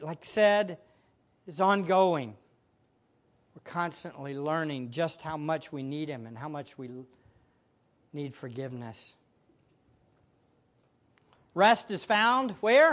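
A man preaching as pastor, swinging between loud excited exclamations and hushed prayer, often laughing and asking the listeners questions. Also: high-pitched, muffled recording. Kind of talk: sermon.

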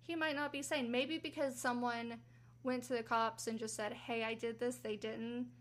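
A woman's voice: steady tone, moderate pace, fairly bright tone. Chatty woman telling a true-crime story. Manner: chatty, acts out quotes with rising pitch. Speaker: podcast host.

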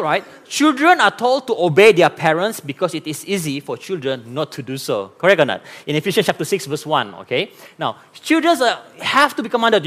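A man with a Malaysian English accent preaching a sermon as pastor, animated and often repeating key phrases. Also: fairly high pitch.

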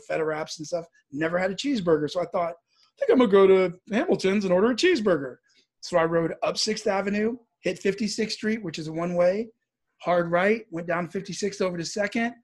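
A man from the US Midwest telling a personal story in casual speech, animated and acting out the voices as he goes. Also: high voice.

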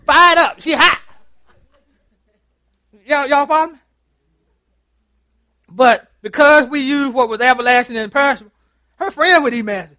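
A middle-aged pastor preaches an interactive sermon in church, his voice very high-pitched at a moderate pace with long pauses. The recording has clean studio sound and no room sound, and he is animated, laughing often and calling out to the congregation.

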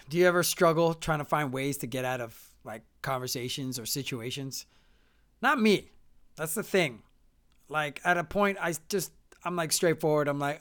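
A man from Canada telling casual stories to his viewers, animated and laughing, acting out what people said. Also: fairly high pitch, normal speed, clean tone. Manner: animated, acts out quotes, laughs often. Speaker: vlogger. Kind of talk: casual storytelling.

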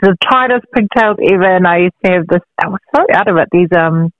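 A woman's voice: lowish voice, fast talker, no room sound, dull audio. Kiwi woman singer, chill and rambly, laughs a lot, dead dry recording. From New Zealand. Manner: laughs easily, relaxed and rambling. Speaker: singer, podcast guest. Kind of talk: casual chat interview.

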